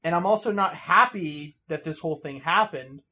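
A man with a high, bright, sharp voice in casual podcast chat. He stops and restarts often, repeating words as he works through what he thinks. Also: moderate pace. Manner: hesitant, repeats words when giving opinions. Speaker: podcast co-host.

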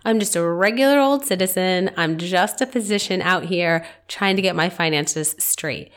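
A woman's voice: fairly low pitch, normal speed, a bit bright. A physician hosting her own podcast, a woman with a congested, nasal voice, talking casually and candidly about her own experiences. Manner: chatty and candid, personal anecdotes. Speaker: podcast host. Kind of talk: casual solo podcast talk.

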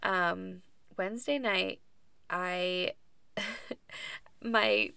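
A woman's voice: medium pitch, steady tone, drawn-out words, gravelly, pushed and bright, clear, resonant tone, no room sound. A woman in her thirties, a podcast guest, chatting casually about her birth story with plenty of fillers and laughs.

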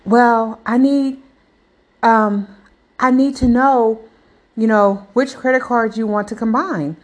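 A woman's voice: on the high side, fairly even intonation, slow. A woman voicing an evasive, flustered male credit card caller who stalls and hesitates.

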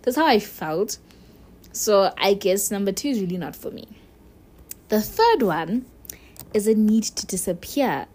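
A woman's voice: medium pitch, sing-song, measured pace, pauses often, a little mellow, husky. Candid young woman chatting to camera. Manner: chatty, candid, addresses viewer directly. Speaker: vlogger. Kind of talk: casual storytelling to camera.

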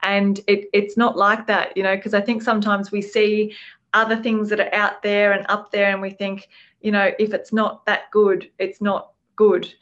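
A woman's voice: medium pitch, little pitch movement, normal speed, a bit bright, lo-fi sound. A woman hosting a podcast interview, encouraging and enthusiastic. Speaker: podcast host.

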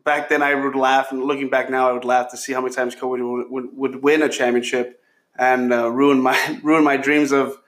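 Halting man in casual chat. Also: mid-range voice, little pitch movement, fairly bright tone. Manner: halting, repeats words.

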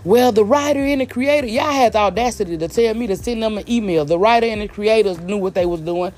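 A fast-talking vlogger from the American South delivers a blunt, emphatic opinion rant directly to the audience in a Southern accent. The voice is medium-pitched and a little mellow, and points get repeated again and again.

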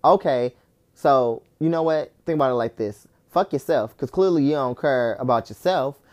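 A young adult podcast host ranting in casual talk, exasperated, swearing often and leaning on "like", with loud incredulous outbursts. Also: medium pitch, moderate pace. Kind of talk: casual solo rant.

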